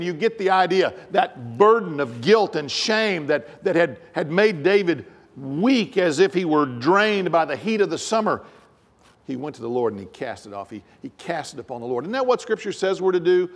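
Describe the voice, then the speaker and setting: A male pastor preaching a sermon, rising to emphatic raised phrases and dropping low and soft, often repeating words as he goes.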